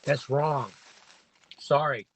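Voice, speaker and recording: A man's voice: mid-range voice, very slow. A man hosting a casual livestream from his parked car, rambling and opinionated with many restarts. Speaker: livestream host.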